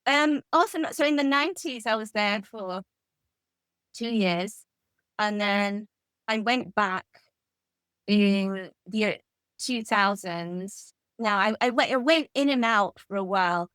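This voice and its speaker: An English woman in her fifties, a guest author in an interview, telling lively anecdotes. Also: medium pitch, takes it slowly, smooth, no room sound. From England. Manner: animated anecdotal storytelling. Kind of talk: conversational interview.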